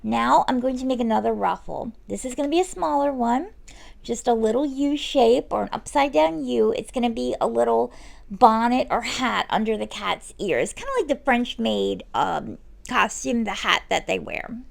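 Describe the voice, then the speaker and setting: A woman narrating a step-by-step nail art tutorial in a relaxed, chatty way, often correcting herself as she explains. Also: a little high, moderate pace, creaky. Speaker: nail artist.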